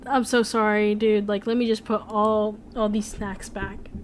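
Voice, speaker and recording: A woman's voice: mid-range voice, flat delivery, a little slow, slight background noise, natural voice. A woman voicing a defensive, flustered teenage boy who stammers and fills his talk with "like". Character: flustered teen boy in denial about a crush.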